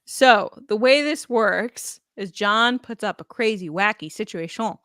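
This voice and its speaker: A woman's voice: medium pitch, a little slow, fairly bright tone, no room sound, clean studio sound. A woman co-hosting a podcast in casual chat, reading out listener answers with a teasing, giggly manner. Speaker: podcast co-host.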